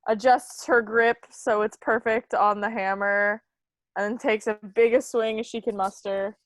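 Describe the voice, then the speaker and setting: A young adult woman playing a tabletop game, narrating her character slowly and laughing often. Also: on the high side, fairly even intonation, dry recording. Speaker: player.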